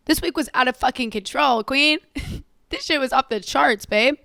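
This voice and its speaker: A young woman hosts her podcast alone in a sassy, profane chat, laughing often and talking straight to her listeners. Her voice sits fairly high and sounds a little hoarse and tired. The recording is dry and close. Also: moderate pace, fairly bright tone, no room sound. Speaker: podcast host. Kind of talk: casual solo podcast chat.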